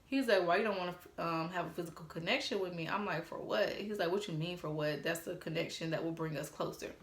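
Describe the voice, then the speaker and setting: A blunt, sassy woman in her twenties, swearing freely as she tells a casual storytime. Her voice sits a little low, with a roomy echo around it. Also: fast. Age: 20s. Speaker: storytime vlogger.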